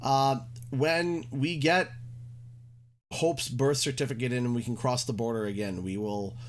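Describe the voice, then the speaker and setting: A man's voice: medium pitch, fairly even intonation, unhurried, slight background noise. A young man from Canada, chatting casually and joking in a rambling way while live-streaming a game.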